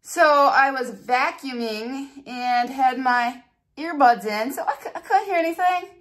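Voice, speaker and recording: A woman beauty vlogger telling stories and walking through a hair tutorial in a chatty, animated way. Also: high voice, a little slow. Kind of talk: casual storytelling and hair tutorial.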